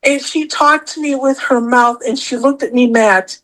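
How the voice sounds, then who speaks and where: A woman's voice: high-pitched, moderate pace, a bit bright, low-quality recording. A woman guest telling a personal story in a casual chat, emotional and rambling, often repeating herself. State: tearful at times. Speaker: podcast guest.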